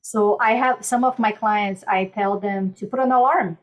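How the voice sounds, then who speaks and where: Soft-spoken woman coach on a podcast, calm gentle guidance, mid pitch. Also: normal speed, low-quality recording. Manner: gentle, soothing coaching with softly spoken mantras. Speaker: life coach guest. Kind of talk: podcast interview.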